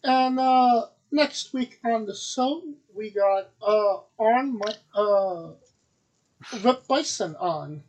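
A man's voice: high voice, slow, a little mellow, rough recording. A man hosting a wrestling podcast, upbeat and rambling with plenty of ums and uhs. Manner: upbeat, rambling with many fillers. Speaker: podcast host. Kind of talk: casual chat.

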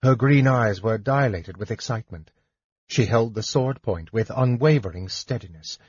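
A man with a husky voice narrating a fantasy audiobook in a measured, even manner. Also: on the low side, no echo, lo-fi sound.

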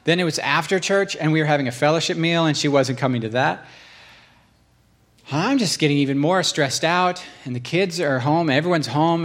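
A man giving a casual, story-driven sermon as pastor, animated and self-deprecating, dropping into low asides and jumping up for outbursts. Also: moderate pace. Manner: self-deprecating, laughs at himself.

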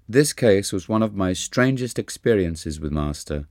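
A man narrating an autobiography audiobook in a calm, measured reading. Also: on the low side, no room sound, studio quality. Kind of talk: scripted narration.

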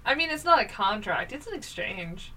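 A woman's voice: medium pitch, big pitch swings, moderate pace, sharp tone. A woman co-hosting a casual podcast, answering with dry quips and short replies. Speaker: podcast co-host. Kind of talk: casual chat. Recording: distant mic with faint noise.

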